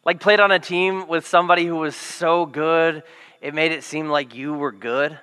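Male pastor, sermon, high and bright voice, animated and comedic, reverberant church hall. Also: moderate pace, clear, resonant tone. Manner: animated, jokey storytelling with acted quotes and yelled lines.

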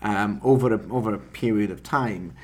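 A man's voice: lowish voice, moderate pace, a little mellow. A man co-hosting a podcast, talking through news stories in a wry, casual way, with many fillers and frequent laughs. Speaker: podcast co-host.

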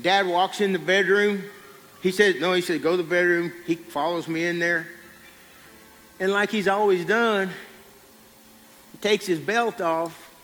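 Guy preaching, high bright voice, folksy storytelling, echoey church hall. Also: fairly even intonation, measured pace, long pauses. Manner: folksy storytelling, drops low for quiet lines. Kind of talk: sermon with personal story.

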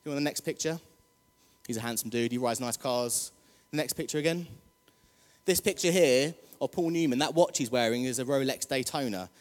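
A man's voice: mid-range voice, brisk. A man preaching a casual, jokey sermon, chatty and rousing the congregation. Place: church hall. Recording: long hall reverb.

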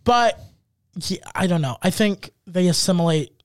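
A man with a high, light voice trades stories on a casual podcast, and he often mimics accents and other people as he goes. The sound is close and dry, with no room echo at all. His delivery is lively and animated throughout. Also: moderate pace, smooth. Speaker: podcast co-host. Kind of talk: casual chat.

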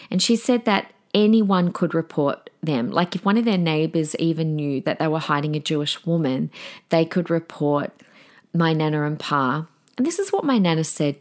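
Woman, lower pitch, podcast host, impassioned monologue, emphatic delivery. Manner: earnest, emphatic, voices imagined dialogue.

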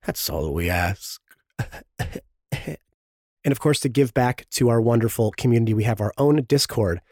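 A man with a sore, strained throat hosts a podcast and reads through the promo segment. His mid-pitched voice sounds dry and close, and he drops in joking, self-pitying asides about being ill. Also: moderate pace, dark tone, no echo. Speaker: podcast host. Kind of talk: sponsor-style promo read.

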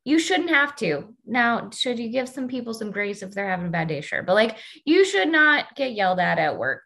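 A woman of average pitch speaks in a relaxed, conversational way about work. She leans hard on her key points, lifting her voice to stress them. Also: gravelly. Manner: emphatic, rising to stress points. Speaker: podcast co-host. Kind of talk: casual conversational discussion.

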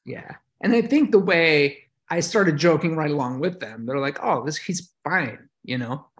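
A man's voice: fairly high pitch, normal speed. A middle-aged American man, a veteran guest on a podcast, telling his story in a reflective, emotional way with many fillers and restarts. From United States. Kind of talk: casual interview storytelling.

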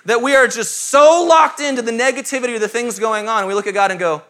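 A man's voice: extremely high pitch, fast, few pauses, noisy background. A man in his thirties, a pastor, preaching a sermon to a live congregation in a conversational, self-mocking way with asides to the room.

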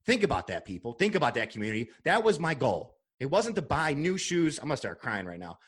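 A man's voice: mid-range voice, sing-song, a little fast, hardly any pauses, a bit bright, slightly rough. A young man hosting a podcast in casual chat, talking emphatically with lots of swearing and getting emotional. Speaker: podcast host. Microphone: podcast microphone.

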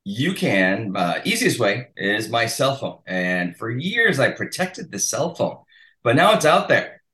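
A man's voice: medium pitch, big pitch swings, measured pace, pushed and bright. Chatty older man in a roomy echo. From Massachusetts. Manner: chatty and rambling, with frequent restarts. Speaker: chiropractor guest. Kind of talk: casual podcast interview.

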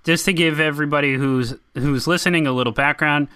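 A man from central Massachusetts co-hosts a casual podcast chat. His voice is bright and forceful, and it sits dry and close on the mic. He rambles and restarts, full of opinions. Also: fairly high pitch, fairly even intonation, brisk, clear, resonant tone, dry recording. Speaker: podcast co-host.

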